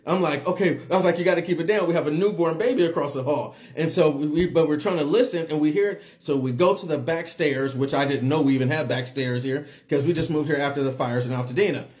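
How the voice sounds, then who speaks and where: Animated, fairly high-voiced man telling a story. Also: fast talker, few pauses. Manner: animated, breathless retelling with repeats and laughs. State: drowsy and dizzy. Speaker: vlogger. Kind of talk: casual storytelling to camera.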